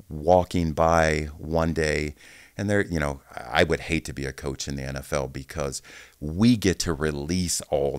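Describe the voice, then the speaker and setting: A man in his sixties, a former pro linebacker, telling locker-room stories in a casual interview, animated and profane. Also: rumbling low, no echo, clean studio sound. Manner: animated, profane storyteller who acts out quotes.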